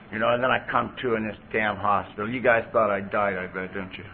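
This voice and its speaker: A man's voice: lowish voice, steady tone, fast, hardly any pauses. A man sharing his personal recovery story at a meeting, in a conversational way with lots of "you know.". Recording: tinny phone-like tape with faint hiss.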